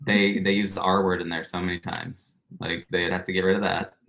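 Chatty young male actor guest, low-pitched, laughing and restarting often. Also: little pitch movement, moderate pace, creaky, fairly bright tone. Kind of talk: casual interview chat.

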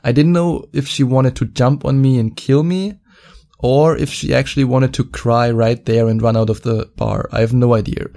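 A man's voice: mid-range voice, steady tone, moderate pace, creaky, dark tone. A man working as a dating coach, telling a story to camera in a mocking, profane way and stretching out words for emphasis.

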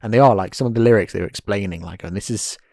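A man's voice: fairly low pitch, very fast, no room sound, studio quality. A man chatting casually and animatedly, often acting out quotes. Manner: animated, acts out quotes in put-on voices. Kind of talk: casual chat.

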